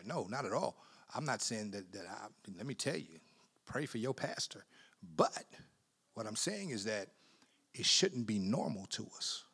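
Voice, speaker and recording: Bright, animated male preacher. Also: mid-range voice. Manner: conversational, repeats words, laughs often; swings from quiet asides to loud emphatic bursts. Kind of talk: sermon.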